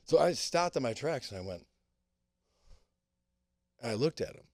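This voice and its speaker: A man, a guest on a casual podcast, telling a rambling story in an animated way. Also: mid-range voice, moderate pace, no room sound, clean studio sound.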